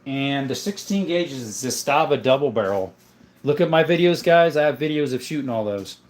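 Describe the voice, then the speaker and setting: A man hosting a casual livestream, reading viewer comments aloud and answering them in a relaxed, chatty way. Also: medium pitch, fairly quick. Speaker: livestream host showing his gun collection. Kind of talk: casual live-stream chat.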